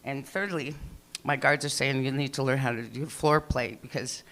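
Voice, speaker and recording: Her pitch sits extremely low and her tone stays steady, a little bright, at an ordinary pace. This middle-aged comic does rambling open-mic material in a small club, cursing freely and voicing the folks she quotes.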